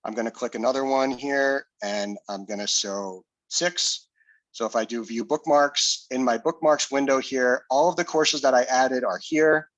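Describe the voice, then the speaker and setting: Guy walking thru a software demo, explaining as he clicks, um's and restarts, dry close sound. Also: mid-range voice, normal speed, no echo, low-quality recording. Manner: explanatory, casual, with fillers and restarts. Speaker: presenter. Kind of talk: screen-share software demo.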